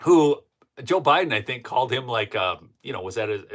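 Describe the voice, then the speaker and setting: A man's voice: mid-range voice, lively intonation, a little fast, a bit bright. A man hosting a live-streamed political commentary show, heated and indignant, talking straight to his chat.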